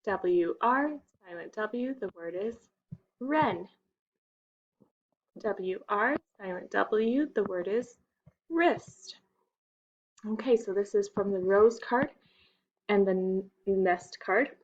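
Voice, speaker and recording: Female teacher for early readers, unhurried and patient, even pitch, muffled home recording. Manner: slow, patient, stretches out the key words. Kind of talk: phonics lesson for young children.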